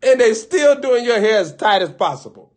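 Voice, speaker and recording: High-voiced man riffing comedically. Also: normal speed. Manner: animated, laughing often, acting out little scenes. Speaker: preacher. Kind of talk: comedic storytelling riff.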